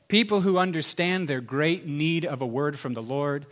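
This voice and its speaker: A man delivers a lively sermon in a slightly high voice. He punches key phrases loudly, then drops into hushed, confiding tones. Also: moderate pace. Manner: animated preacher, swings from loud emphasis to soft confessional tones. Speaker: pastor.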